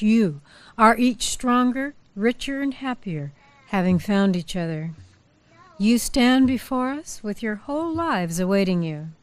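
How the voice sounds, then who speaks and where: A woman officiating a wedding, leading the couple through their vows in a warm, playful, coaxing way. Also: medium pitch.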